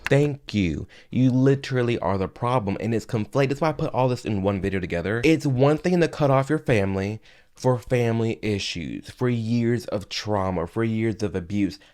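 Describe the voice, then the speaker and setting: A man's voice: medium pitch, moderate pace, darkish tone. A man giving heated opinion commentary on his own channel, arguing and firing off rhetorical questions. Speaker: commentary vlogger. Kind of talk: opinion commentary reacting to clips.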